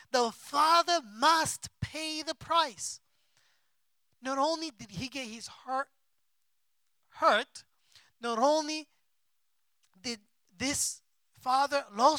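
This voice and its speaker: A man preaching a sermon as a pastor, with impassioned delivery and big swings between soft and loud. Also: very high-pitched, dry recording. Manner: acts out quoted figures in his own voice. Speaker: pastor and missionary.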